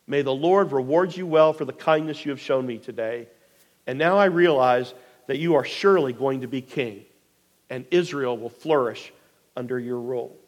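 A man voicing a humbled, tearful king who speaks softly and low with remorse. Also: normal speed, long reverb tail, natural voice. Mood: remorseful. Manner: soft, low, subdued.

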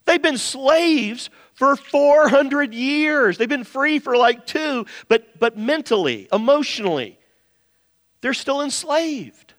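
A male pastor delivers a passionate sermon in a notably high voice, pressing his points with rising emphasis. His words ring out with a long reverb, as from a large church hall. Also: lively intonation, takes it slowly, a bit bright. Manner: impassioned preaching with rising emphatic lines.

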